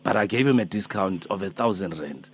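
A man's voice: low-pitched, expressive, a little fast, husky, exaggerated voice. Alpheus, a man putting on a rambling old man. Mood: pleading, rambling. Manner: rambling, hesitant, calls her Mama and my darling. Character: elderly male debt collector, fussy and pleading. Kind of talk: prank phone call.

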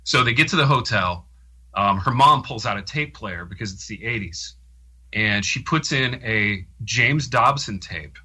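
A man with an intensely bright, tense-edged voice. He co-hosts a podcast, spinning an anecdote in loose, animated chat with self-deprecating asides. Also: fairly low pitch, measured pace, husky. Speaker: podcast co-host. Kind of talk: casual podcast storytelling.

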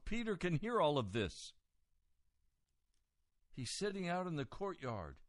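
A man preaching a sermon, retelling a scripture story and moving from quiet reading to loud, raised emphasis. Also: medium pitch, dry recording, studio quality.

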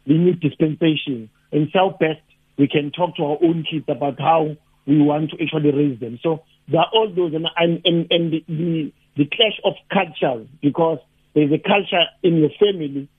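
A South African man, a lecturer and activist, talking haltingly with many restarts as a radio guest. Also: a little high, steady tone, breathy edge. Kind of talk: radio phone-in discussion. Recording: tinny phone line.

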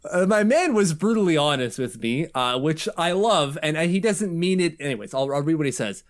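A man's voice: on the high side, lively intonation, normal speed. A man co-hosting a casual hockey podcast, talking loosely and laughing often. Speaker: podcast co-host.

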